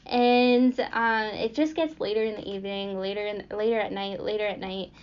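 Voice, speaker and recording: On a dull, lo-fi recording with a bit of hiss or hum, a young podcast host rambles through a story, dropping in plenty of fillers and small laughs. She speaks at a moderate pace in a medium pitch with a steady tone.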